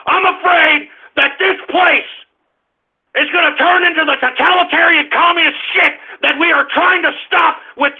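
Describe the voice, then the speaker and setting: A man hosting an internet radio show, ranting and shouting angrily with heavy cursing. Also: very high voice. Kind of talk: angry political rant. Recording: tinny phone-like line.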